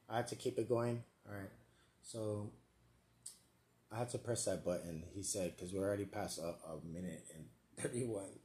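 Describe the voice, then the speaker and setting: A man's voice: on the low side, measured pace, pauses often, mellow. A man hosting a live comedic podcast, rambling, joking and swearing at himself. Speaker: podcast host. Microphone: earpiece and mic, live stream.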